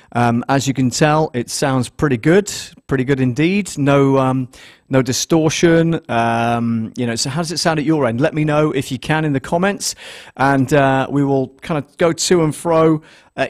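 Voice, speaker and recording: A man hosting a casual live stream, thinking aloud as he sets up gear and counts numbers into a close desktop condenser mic in a small studio. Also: medium pitch. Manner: rambling, thinks aloud while setting up gear. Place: small studio with a mixing desk. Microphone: desktop condenser microphone, close.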